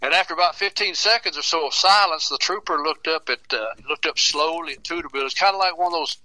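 A man spins a folksy small-town yarn, chuckling through it and stumbling over his restarts. His voice is very bright and a touch high, recorded close and dry in a studio. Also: no echo, rough recording. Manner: chuckles through his tales, halting repeats. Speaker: storyteller, radio guest. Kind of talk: folksy storytelling.

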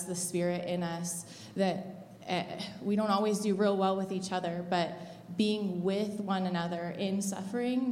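A woman's voice: medium pitch, a little mellow. A woman who supports mothers through labor, speaking earnestly and reflectively with frequent fillers in a church interview. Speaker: labor support worker at births. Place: church auditorium. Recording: echoey hall with long reverb.

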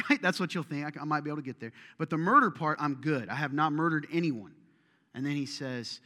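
A man's voice: medium pitch, fast. Man, pastor, sermon, joking asides, long hall reverb. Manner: animated, joking, self-deprecating asides. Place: church auditorium.

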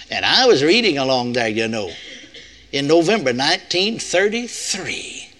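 A man's voice: sits high, a bit bright. An older man, preaching a sermon with folksy, playful asides to the audience. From United States. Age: 60s.

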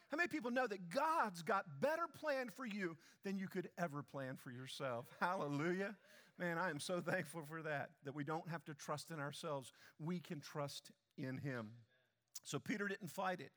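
A man's voice: high-pitched, fairly bright tone, long reverb tail. A man preaching a sermon in a church, speaking emphatically and putting questions straight to the congregation. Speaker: pastor. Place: church sanctuary.

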